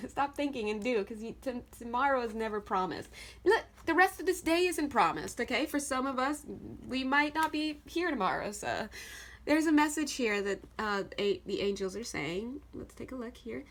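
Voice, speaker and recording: A woman giving a casual tarot reading, talking straight to the viewer in a chatty, animated way and laughing often. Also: high-pitched, normal speed. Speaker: tarot card reader.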